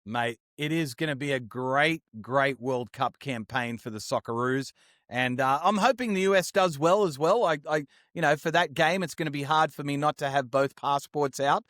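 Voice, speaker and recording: A man's voice: a little high, normal speed, a bit bright, dry recording. Upbeat man, dry close sound. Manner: chatty, upbeat, slang-heavy. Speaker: podcast co-host. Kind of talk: casual sports chat.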